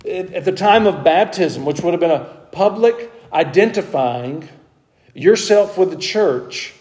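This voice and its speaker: A man's voice: high voice, expressive, a little slow, a little mellow. A man teaching a Bible study to a group in a conversational way, talking with the class and growing more emphatic as he explains the passage.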